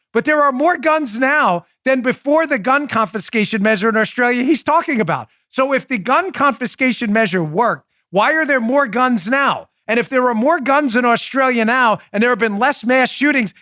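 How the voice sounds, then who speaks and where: An emphatic male podcast host talks into a close mic. His voice sits high and the sound is dry. He stays sarcastic and argumentative throughout. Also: expressive, moderate pace, hardly any pauses, pushed and bright, dry recording. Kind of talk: animated political commentary.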